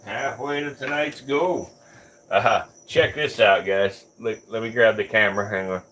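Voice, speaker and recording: A man's voice: fairly low pitch, measured pace, a bit bright, slight background noise. A young man hosting a reptile livestream, chatting casually, swearing and cooing at his snakes. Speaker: reptile keeper and livestream host.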